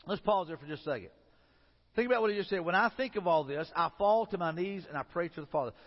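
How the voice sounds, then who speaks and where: A pastor with a drawl preaches in a relaxed, conversational way, circling back and repeating phrases as he goes. His voice sits high for a man. The sound is muffled and carries a long reverb from a large church hall. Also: fast. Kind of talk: sermon.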